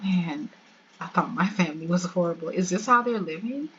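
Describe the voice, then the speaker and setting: A woman voicing an exasperated young man, dropping her voice low to play him. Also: animated, normal speed, a bit bright. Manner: lowered voice, exasperated. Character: shocked young man, the boyfriend. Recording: dull lo-fi with faint hiss.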